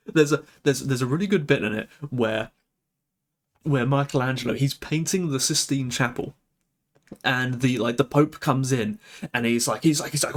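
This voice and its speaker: A young man chatting on a live stream, excitable, giggly and stammering as he talks. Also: mid-range voice, normal speed. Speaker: VTuber streamer. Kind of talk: casual live-stream chat.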